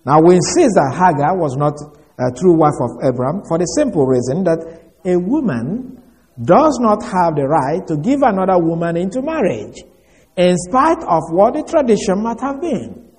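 A man teaching a Bible study, reading scripture and explaining it in a deliberate, emphatic way. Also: sits high, big pitch swings, a little mellow.

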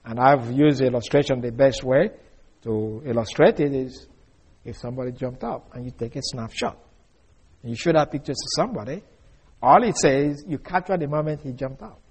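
A man giving a deliberate verse-by-verse Bible lesson, explaining carefully with frequent fillers and restarts. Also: medium pitch, darkish tone, slightly rough. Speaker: Bible teacher.

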